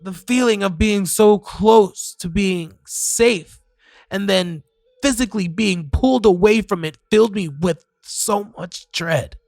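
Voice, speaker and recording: A man narrating a first-person horror story with hesitant pauses and sighs. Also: high-pitched, creaky, a little mellow, dry recording.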